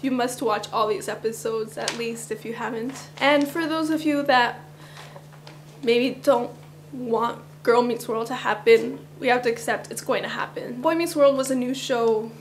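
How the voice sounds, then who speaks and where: Woman vlogger, slightly raised pitch, groggy cracking morning voice, chatty rambling delivery. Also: steady tone, normal speed, a little hiss or hum. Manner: chatty, rambling, with little laughs. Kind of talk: casual fan countdown chat.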